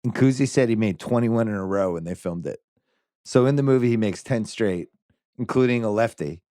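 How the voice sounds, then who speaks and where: A man's voice: on the low side, fairly quick, warm tone, dry recording, clean studio sound. A man hosting a podcast, talking through a film in casual chat with enthusiastic, insistent energy. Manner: enthusiastic, argues with playful insistence. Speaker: podcast host. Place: podcast studio.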